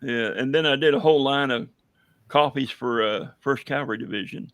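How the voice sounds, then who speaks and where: A hoarse man chatting casually on a livestream as a veteran guest, rambling with many fillers and telling jokes. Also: mid-range voice, a little fast, fairly bright tone, no room sound. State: hoarse, losing his voice. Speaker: veteran guest running a coffee business.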